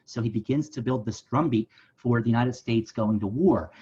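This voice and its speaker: A man's voice: mid-range voice, normal speed, dark tone, slightly rough, highs cut off. A man giving a virtual history lesson at a library site, talking conversationally and often checking in with his listeners. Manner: conversational, often asks "right?". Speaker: museum educator. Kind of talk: virtual site visit talk.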